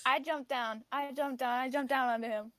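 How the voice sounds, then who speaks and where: A woman's voice: sits high, fairly even intonation, moderate pace, a bit bright, no echo. A woman playing a tabletop role-play game, hesitant with stumbling starts and giggles. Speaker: player.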